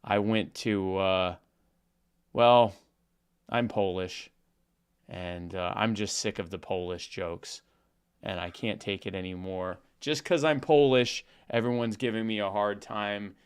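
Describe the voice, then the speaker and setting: In a fairly low, smooth voice, a podcast co-host talks slowly with a steady tone. His segment is a comedic bit: a long joke full of stammers plus an ad he reads in a rambling, humorous way.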